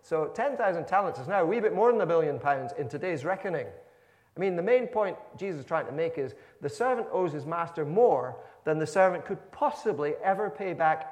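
A man's voice: on the high side, expressive, a little fast, a little mellow. A man preaching a sermon in a church, explaining in a conversational way with asides. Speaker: minister. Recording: long church reverb.

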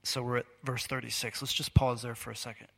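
A man's voice: mid-range voice, flat delivery, a little fast, gravelly, a bit bright, breathy edge. A man preaching a sermon in a conversational, storytelling way, acting out the quotes he tells.

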